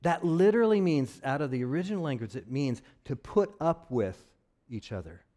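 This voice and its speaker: A man's voice: a little high, animated, moderate pace, warm tone. A man preaching a conversational sermon as pastor, with joking asides to his congregation.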